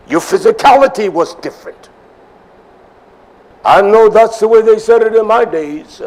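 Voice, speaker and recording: An older man preaching a sermon, swinging from loud emphasis down to near whispers. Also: high-pitched, moderate pace, long pauses, low-quality recording.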